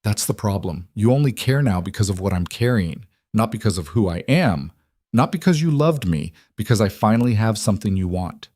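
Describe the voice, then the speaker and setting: A man's voice: lowish voice, expressive, fairly quick, a little mellow, no echo, clean studio sound. A man voicing a defiant pregnant young wife, cutting and bitter, in an audiobook reading.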